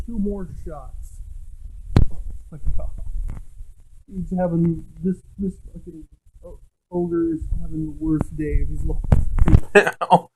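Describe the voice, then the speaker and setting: A man casually retelling a tabletop adventure, laughing often and cursing freely. His voice sits a little high, and he talks slowly, with plenty of fillers. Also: a little hiss or hum. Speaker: tabletop game player. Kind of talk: casual storytelling.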